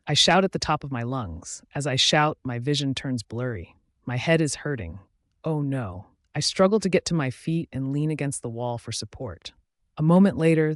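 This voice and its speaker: A man narrating a fantasy romance audiobook in the first person, with expressive, dramatic inner monologue. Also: mid-range voice, dry recording, studio quality.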